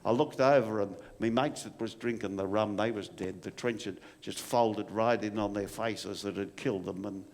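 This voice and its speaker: A man performs an old Australian bushman spinning a long war yarn, his voice sitting low and carrying the long reverb of a performance hall. He rambles and stammers, doubling up on his "and, and" as the memories tumble out in a storytelling monologue. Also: steady tone, normal speed, gravelly, hardly any pauses, darkish tone. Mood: reminiscing. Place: live performance venue.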